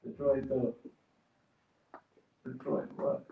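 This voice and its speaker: A man co-hosting a casual livestream, joking and slangy, with a gravelly voice. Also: mid-range voice, level tone, slow. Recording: dull, echoey, distant mic with faint noise.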